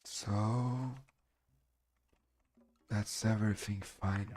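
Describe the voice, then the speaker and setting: A man from Brazil with a Brazilian Portuguese accent and a strong voice, chatting on his live stream in halting English as a non-native speaker. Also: on the low side, steady tone, a little mellow. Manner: halting, searching for English words. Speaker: game streamer. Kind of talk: casual live-stream chat.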